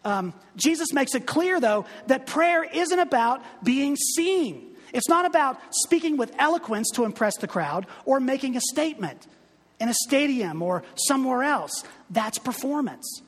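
A man's voice: very high-pitched, very animated, measured pace, big-room sound. A male pastor giving a conversational, humorous sermon full of asides.

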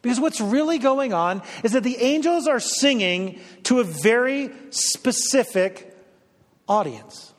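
A man's voice: very high voice, lively intonation, measured pace, big-room sound. A middle-aged male pastor giving a conversational, storytelling sermon with dry humor.

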